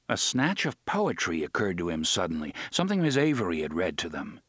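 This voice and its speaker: A man reading an audiobook in a dramatic way, slowing down to stress the grim details. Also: low voice, sing-song, slightly rough, dry recording, clean studio sound. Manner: dramatic, with slowed emphasis on dark details. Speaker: audiobook narrator. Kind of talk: scripted audiobook narration.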